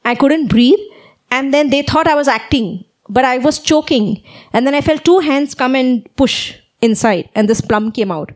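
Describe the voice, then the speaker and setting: A woman preacher giving a sermon, telling a personal story in an animated way and often checking in with "okay?". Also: sits high, normal speed.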